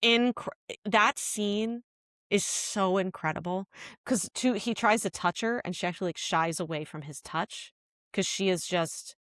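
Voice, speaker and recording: A woman's voice: medium pitch, unhurried, fairly bright tone, dry recording, clean studio sound. Chatty woman recapping a scene. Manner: rambling retelling full of "like" fillers. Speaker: podcast co-host. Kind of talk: casual podcast chat.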